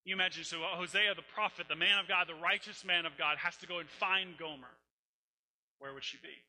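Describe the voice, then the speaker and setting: A man's voice: high-pitched, steady tone, fairly quick, pushed and bright, low-quality recording. A man preaching a sermon, telling a scripture story in an emphatic, conversational way. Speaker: pastor.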